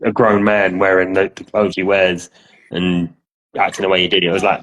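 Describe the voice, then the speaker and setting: A man's voice: low voice, level tone, normal speed, a bit bright, poor audio. A man chatting casually on a podcast, telling blunt, wry stories. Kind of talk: casual chat.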